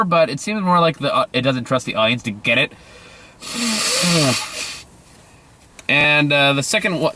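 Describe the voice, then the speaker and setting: Guy ranting about movies, pretty sarcastic, cusses a lot, kinda bright tense voice. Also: on the high side, slight background noise. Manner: sarcastic, swears freely, mocks dialogue; loose and rambling with many fillers. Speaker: movie reviewer. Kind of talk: casual video review.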